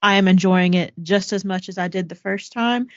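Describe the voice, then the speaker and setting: A woman with a mid-range voice chats in a relaxed, matter-of-fact way as a podcast co-host. Her mic sounds dry and close, with a slightly dull, lo-fi tone. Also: mid-range voice, normal speed, no echo. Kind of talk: casual chat.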